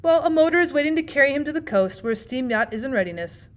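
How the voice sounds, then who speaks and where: A cool young prankster, as a woman reader puts him on, delivers outrageous news in a careless, matter-of-fact way. The tone stays calm and lightly menacing, in a fairly high voice. It sounds like a storybook reading. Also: fast talker. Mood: calmly sinister.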